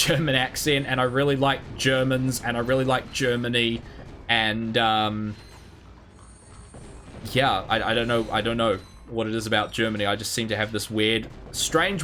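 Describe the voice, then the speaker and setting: A man's voice: medium pitch, moderate pace, fairly bright tone, a little hiss or hum. Swearing, rambling male game streamer. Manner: swears freely, mutters and hums while playing; rambling, self-mocking. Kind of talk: live gameplay commentary, reading chat.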